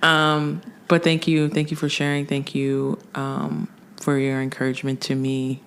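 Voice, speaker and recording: A woman's voice: a bass voice, monotone, unhurried, gravelly, slight background noise. A woman hosting a faith podcast, thanking her guest and getting emotional. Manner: warm, emotional, grateful. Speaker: podcast host. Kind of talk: casual faith podcast chat.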